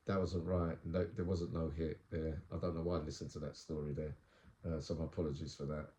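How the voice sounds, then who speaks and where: A male podcast host from England, blunt and rapid-fire with his questions in a casual interview. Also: rumbling low, little pitch movement, mellow, slight background noise. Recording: echoey room.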